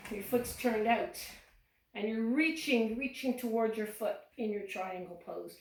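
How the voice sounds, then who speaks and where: Echoey yoga teacher guiding young children. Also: female voice, a little high, unhurried, a little hiss or hum. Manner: cheerful, encouraging step-by-step instructions. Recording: echoey room, voice from a distance.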